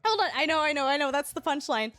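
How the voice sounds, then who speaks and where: A young woman, livestreaming and telling a story casually, animated and laughing often. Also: high-pitched, quick pace, no echo, faint music behind. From Canada.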